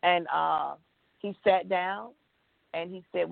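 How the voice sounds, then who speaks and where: A woman's voice: lowish voice, fairly even intonation, slow pace, gravelly, no room sound. A woman with a Texan accent, an interview guest, telling her story with feeling and acted-out quotes. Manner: emotional, tells it with acted-out quotes. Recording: tinny phone line.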